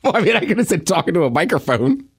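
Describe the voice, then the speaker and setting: Male podcast co-host, young adult, relaxed teasing talk, very wide pitch swings. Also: fast talker, breathy edge. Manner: laid-back, teasing, laughs often. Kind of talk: casual chat.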